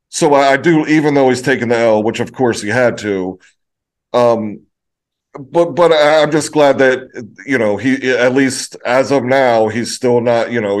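Hesitant, laid-back man chatting. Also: medium pitch. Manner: halting, hesitant, full of restarts and laughs. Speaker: podcast co-host. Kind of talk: casual podcast chat.

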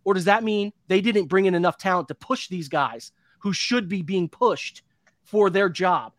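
A man's voice: sits high, moderate pace, fairly bright tone, no room sound. A man in his thirties hosting a postgame sports show, venting in an impassioned, repetitive rant. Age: 30s. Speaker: podcast host.

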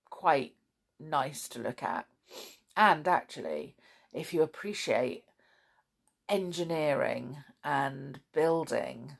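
A woman's voice: deep voice, gravelly. A woman hosting a children's podcast, chatting playfully to young listeners with lots of exclamations.

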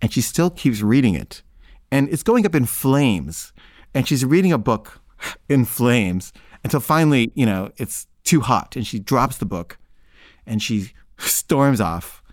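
Lively, rambling male storyteller. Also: medium pitch, unhurried, no room sound, clean studio sound. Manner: rambling and conversational, with frequent filler words. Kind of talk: casual first-person storytelling.

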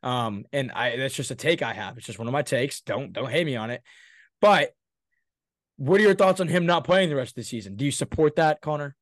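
A man's voice: mid-range voice, fairly quick, dry recording, clean studio sound. A young man co-hosting a casual sports podcast, ranting heatedly and swearing freely. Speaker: podcast co-host.

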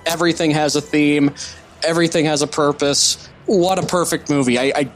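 A man on a laid-back podcast, gushing with excitement and swearing often. His voice sits a touch high for a man. Soft music plays faintly in the background. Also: brisk. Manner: excited, profane, heavy use of "like". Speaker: podcast co-host reviewing a film. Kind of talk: casual podcast chat.

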